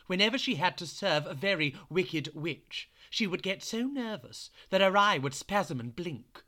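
A man's voice: high voice, animated, unhurried, pushed and bright. A man hosting a children's storytelling podcast, chatting playfully and narrating with animation. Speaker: host and storyteller.

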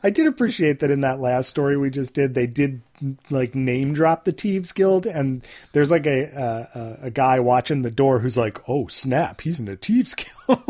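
A man's voice: mid-range voice, moderate pace, a little mellow. Easygoing man co-hosting a podcast. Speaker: podcast co-host. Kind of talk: casual chat.

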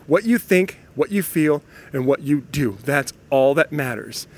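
A man's voice: a little high, lively intonation, unhurried. A man giving a playful motivational talk, laughing often and acting out inner thoughts, sometimes dropping to a near whisper. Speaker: motivational speaker.

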